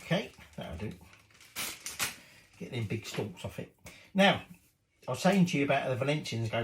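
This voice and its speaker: Cheeky, lively man cooking. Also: medium pitch, measured pace, pauses often, rough recording. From Britain. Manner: cheeky, chatty, swears casually. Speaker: home cooking vlogger. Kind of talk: casual cooking chat. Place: home kitchen.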